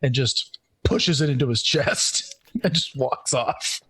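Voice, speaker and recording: A man's voice: mid-range voice, takes it slowly, a bit bright, husky. A man playing a tabletop game, casually narrating what his character does. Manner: casual, laughing often. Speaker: player.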